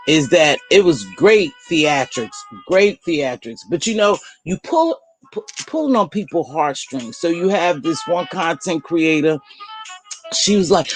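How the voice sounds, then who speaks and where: An older woman giving blunt, exasperated live commentary to her viewers. She uses casual slang and repeats words for emphasis. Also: low voice. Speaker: online commentator.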